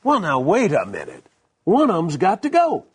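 A man's voice: high voice, huge pitch swings, normal speed. A man, a minister co-hosting, sharing testimony in casual preaching conversation with many stammered restarts. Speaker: minister co-host.

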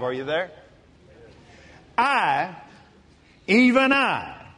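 Male preacher, high bright voice, slow folksy delivery that bursts into shouts, long church-hall echo. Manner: folksy, animated, shouting and laughing. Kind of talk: sermon.

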